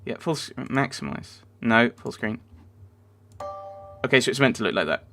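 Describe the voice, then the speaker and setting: A man's voice: mid-range voice, lively intonation, moderate pace, vocal fry, bright, forceful tone, soft background music. A man hosting a let's play, thinking aloud and rambling through casual game commentary.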